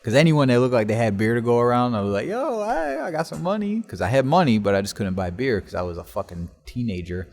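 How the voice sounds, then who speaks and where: A man with a somewhat low voice rambles through his stories in a loose, casual way, peppering nearly every sentence with curses. He records solo for his own podcast from a basement workshop in an old house, speaking into a laptop. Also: fast, hardly any pauses, a little mellow. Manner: profane, rambling, swears constantly. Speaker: podcast host.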